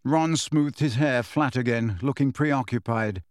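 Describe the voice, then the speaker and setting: A man's voice: medium pitch, measured pace, hardly any pauses, smooth, no echo, studio quality. Man reading a storybook aloud. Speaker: audiobook narrator. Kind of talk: scripted storybook narration.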